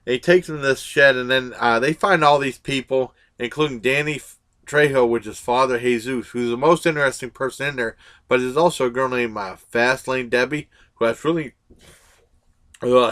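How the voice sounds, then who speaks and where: A man's voice: medium pitch, fairly bright tone. Blunt, rambling movie-reviewer guy. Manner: blunt, rambling, frequent fillers and restarts. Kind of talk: casual movie review vlog.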